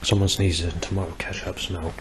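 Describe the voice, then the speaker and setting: A man's voice: deep voice, level tone, fairly quick, noisy background. A man in his forties rambling hesitantly through a video diary, full of ums and restarts. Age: 40s. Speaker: vlogger. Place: outdoors near a busy bus station.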